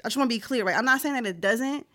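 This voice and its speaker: Podcast co-host lady, slangy, laughs a lot, higher voice. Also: rapid-fire. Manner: animated, laughs often, slangy; repeats herself for emphasis. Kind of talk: casual chat.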